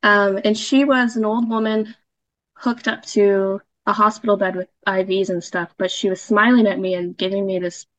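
A woman's voice: mid-range voice, fairly even intonation, moderate pace, fairly bright tone, no room sound. A woman casually telling a personal story as a podcast guest, chatty, with fillers and laughs.

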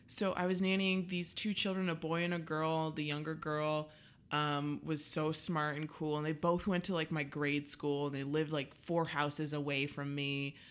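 A woman's voice: deep voice, little pitch movement, normal speed, smooth. A young woman co-hosting a podcast, chatting casually with lots of "like" and "um". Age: young adult. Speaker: podcast co-host. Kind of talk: casual chat.

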